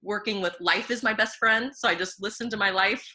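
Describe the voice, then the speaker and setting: A woman nutritionist talking in a casual interview, bubbly and animated, laughing often between thoughts. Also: mid-range voice, a little fast.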